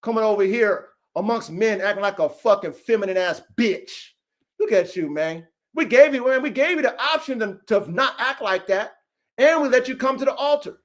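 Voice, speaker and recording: A man with a strikingly high voice for a man, hosting his own dog-training channel. He talks in a brash, taunting livestream rant, swearing freely and tacking "man" onto nearly every line. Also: expressive, normal speed. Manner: profane, taunting, repeats "man" constantly.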